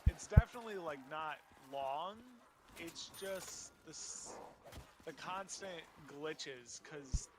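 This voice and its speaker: A man with a slightly high voice drawls slowly and teases his friend while gaming. Clear background noise runs behind him the whole time. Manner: slow, drawling, teasing. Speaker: gamer. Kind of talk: casual chat while gaming.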